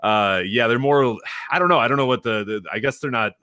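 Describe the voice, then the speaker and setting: A man's voice: mid-range voice, a little fast, bright, forceful tone, no echo, studio quality. A man co-hosting a podcast in casual chat, rambling with frequent laughs and swearing. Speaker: podcast co-host.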